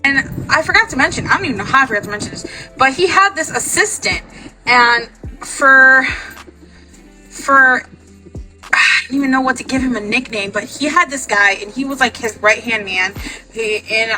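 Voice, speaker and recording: A woman telling a wild personal story in a storytime clip, animated and crude, acting out the voices of the people in it. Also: high-pitched, moderate pace, pauses often, soft background music, low-quality recording. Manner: acts out voices in her story.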